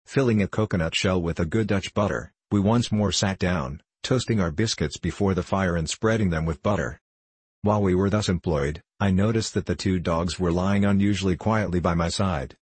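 A man reading an adventure novel aloud as first-person audiobook narration, in a measured storytelling manner. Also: deep voice, darkish tone, slightly rough, no echo.

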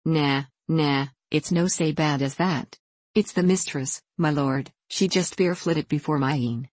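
A woman's voice: deep voice, a little slow, darkish tone, no room sound. A woman voicing a forthright, loyal older housekeeper with a Scottish accent. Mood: lamenting. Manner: forthright, scolding, lamenting.

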